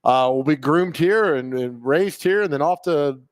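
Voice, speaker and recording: A man's voice: on the high side, normal speed, dry recording. Jokey man co-hosting talk radio. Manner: jokey, reads listener texts. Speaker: radio show co-host. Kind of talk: casual sports radio banter. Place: radio studio.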